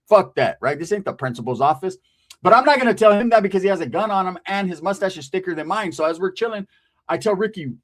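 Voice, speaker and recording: A man's voice: high voice, lively intonation, quick pace. A man from Central California telling a casual street story in a profane, streetwise way, often tagging lines with "right?".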